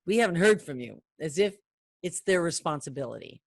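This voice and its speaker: An older woman who trains people in phone sales, speaking in a chatty, animated way and acting out the lines of callers and customers. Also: low voice, brisk, creaky, no room sound, studio quality. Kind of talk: training talk to camera.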